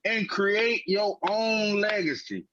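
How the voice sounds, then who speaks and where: This co-host of a sports podcast has a high-pitched, slow voice yet argues animatedly and emphatically in lots of casual slang. The podcast audio is dull and lo-fi.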